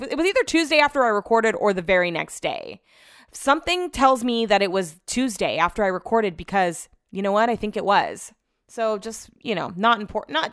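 A woman podcast host rambles through a long personal story in a casual monologue. She talks animatedly, swears freely and acts out quoted exchanges. Her voice is smooth and clean, and the sound is dry and close. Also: medium pitch, a bit bright, no room sound.

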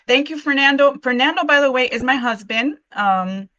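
A woman's voice: sits high, normal speed, hardly any pauses, bright, forceful tone, dry recording, muffled recording. A middle-aged woman giving an earnest, emotional personal testimony on a live video call, with many restarts. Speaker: podcast host sharing her testimony.

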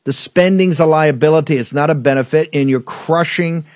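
A man's voice: fairly high pitch, normal speed, a little mellow, no room sound. Male talk host, fiery and emphatic, hammering points home, dry studio mic. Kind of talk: political talk show commentary.

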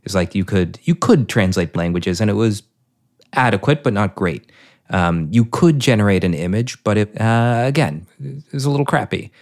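Middle-aged man with a very low voice, unhurried storyteller with examples. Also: lively intonation. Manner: thoughtful, explains with examples. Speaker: guest. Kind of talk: conversational storytelling.

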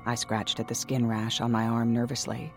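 A man's voice: medium pitch, flat delivery, normal speed, soft background music. A man reading a first-person story aloud in a dramatic, intense way, sometimes dropping to a whisper. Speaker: narrator. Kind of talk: first-person audiobook narration.

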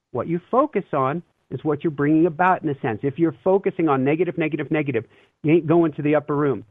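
A man's voice: fairly high pitch, no room sound. A man as a guest, talking earnestly and reflectively about love and fear, often breaking into a laugh. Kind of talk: casual spiritual talk. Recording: tinny phone-line sound.

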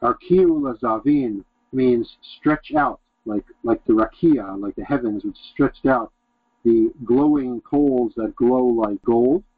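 A man's voice: mid-range voice, slow, husky, no room sound, phone-quality sound. Brief: male teacher reading and glossing an old text line by line, dry, phone-thin sound. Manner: reads Aramaic phrases then translates them in short bursts. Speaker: Talmud teacher. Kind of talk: reading and explaining a text aloud.

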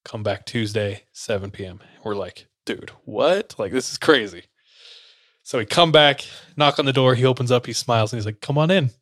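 A man's voice: mid-range voice, brisk, fairly bright tone, no room sound, clean studio sound. A young man, a podcast co-host, telling a story in casual chat and acting out the lines of the people in it. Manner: loose, laughing, acts out quotes.

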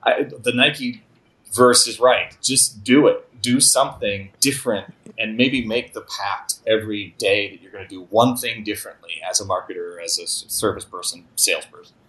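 A man's voice: lowish voice, normal speed, bright, forceful tone, rough recording. A man appearing as a podcast guest, speaking reflectively in casual chat and telling anecdotes. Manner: reflective, tells anecdotes with frequent restarts.

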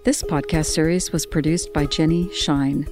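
Low-voiced woman narrating over guitar. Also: steady tone, normal speed. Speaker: podcast host and nursing professor. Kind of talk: scripted narration.

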